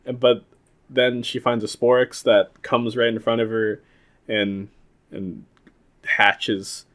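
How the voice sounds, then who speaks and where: A man's voice: mid-range voice, flat delivery, slow, a bit bright. A young man co-hosting a podcast, casually recapping an episode in a rambling, laughing way, swearing and acting out quoted lines. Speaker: podcast co-host.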